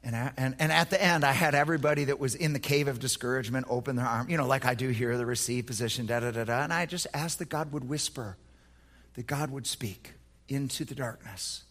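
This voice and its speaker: Husky, bright-voiced pastor preaching. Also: male voice, mid-range voice, brisk, big-room sound. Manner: passionate, swinging from hushed to shouting. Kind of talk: sermon.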